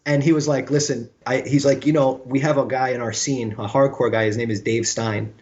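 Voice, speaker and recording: A man's voice: mid-range voice, fairly quick, hardly any pauses. A man, telling stories as a guest in a casual interview and acting out the voices of the people he quotes. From Brooklyn, New York. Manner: animated storyteller who acts out quoted dialogue. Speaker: guest musician. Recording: slightly dull lo-fi sound.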